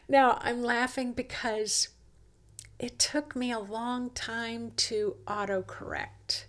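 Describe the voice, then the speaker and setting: Slow, high-voiced woman giving self-help talk. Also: fairly even intonation. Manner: acts out inner dialogue in quoted voices. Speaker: host.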